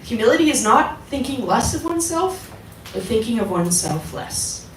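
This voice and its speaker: A woman leads a casual devotional class, her pitch rising and falling in a lively way as she puts questions to the group. She sounds a little distant from the mic, in a roomy, echoing hall with faint ambience behind her. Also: normal speed, slight background noise. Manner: conversational, asks the audience questions. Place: temple hall. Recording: echoey hall, voice from far off.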